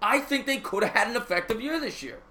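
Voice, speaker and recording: A man co-hosting a casual football podcast, talking fast and reading out comments from the live chat. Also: very high voice. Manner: fast, animated, reads the live chat aloud. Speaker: sports podcast co-host.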